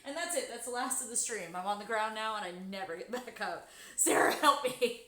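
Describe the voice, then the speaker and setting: A woman telling a story in casual chat while sewing on a live stream, swearing freely and bursting into loud, high exclamations. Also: lively intonation, fast talker. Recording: echoey room.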